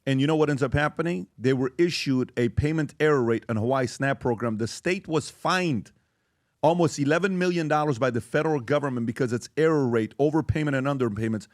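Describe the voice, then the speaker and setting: A man hosting a podcast in a casual debate, reading out facts in a measured way. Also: mid-range voice, dry recording, studio quality. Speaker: podcast host.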